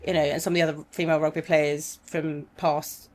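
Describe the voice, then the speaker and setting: A woman's voice: low voice, little pitch movement, brisk, a little mellow. A woman co-hosting a casual podcast chat, telling stories with laughs and asides. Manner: chatty, laughing storyteller. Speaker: podcast co-host.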